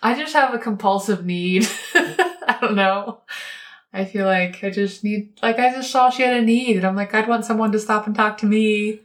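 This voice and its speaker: Woman, mid pitch. Casual chatty storyteller who laughs often. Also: moderate pace. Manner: laughs often, quotes people in dialogue. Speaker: co-host telling a story.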